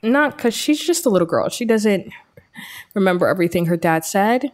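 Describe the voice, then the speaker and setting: A woman hosting a let's-play, giving chatty, excitable commentary as she tells her game's story. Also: medium pitch, moderate pace. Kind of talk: casual gameplay commentary.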